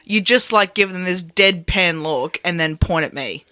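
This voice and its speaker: An Australian woman co-hosting a radio show, chatty and quick to laugh and chime in. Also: fairly low pitch, bright, forceful tone. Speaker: radio co-host. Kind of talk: casual breakfast show banter.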